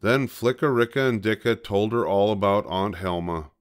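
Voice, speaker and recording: Gentle older man reading a storybook. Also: fairly low pitch, normal speed.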